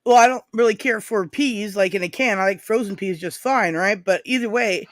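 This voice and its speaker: Californian woman, mid pitch, dry close sound, sassy and emphatic. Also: normal speed, no echo. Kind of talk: casual livestream chat.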